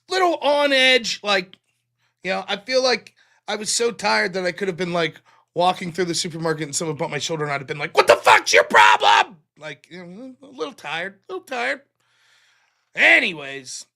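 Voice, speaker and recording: A man's voice: very high voice, bright, forceful tone. A man hosting his live stream, telling a rambling, profane, self-mocking story about his day in casual chat.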